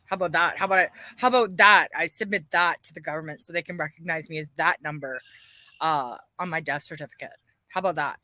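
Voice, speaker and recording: A woman's voice: low voice, steady tone, fast talker, sharp tone, dry recording. A woman ranting bitterly on a livestream, swearing heavily and airing her grievances. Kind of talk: angry livestream rant.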